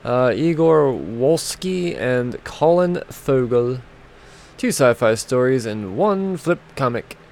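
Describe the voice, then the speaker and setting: A man's voice: mid-range voice, animated, slow, darkish tone. A man chatting casually and rambling through a list of upcoming comics, swearing now and then and laughing at himself. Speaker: comic book vlogger.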